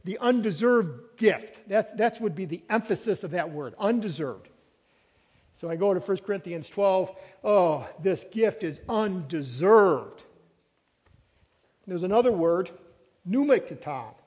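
A man's voice: sits high, animated, normal speed, darkish tone, slightly rough. A man preaching a sermon as pastor, earnest and emphatic, repeating key words. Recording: reverberant hall, long echo.

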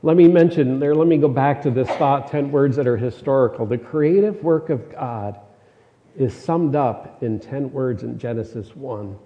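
A man's voice: medium pitch, moderate pace. A middle-aged man preaching a sermon in a conversational, emphatic way, repeating his key phrases. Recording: dull sound with long hall reverb.

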